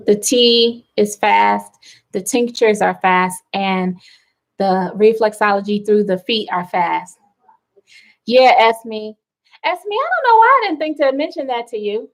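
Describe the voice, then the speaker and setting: Slow, chatty woman hosting a wellness livestream. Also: medium pitch, lively intonation, low-quality recording. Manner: chatty, reads viewer comments aloud, rambling asides. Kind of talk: casual livestream chat.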